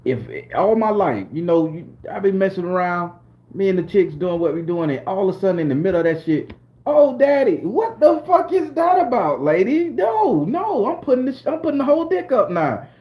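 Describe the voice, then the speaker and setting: A man from southern Florida with a Southern American accent, hosting a casual live-stream talk, animated and profane, often breaking into high exclamations. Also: a little fast. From southern Florida, USA. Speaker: spiritual channel host.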